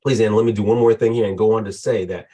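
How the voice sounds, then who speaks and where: A man's voice: on the low side, fairly even intonation, quick pace, warm tone, breathy edge. A man co-hosting a book discussion podcast, reading passages aloud from the text. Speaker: podcast co-host.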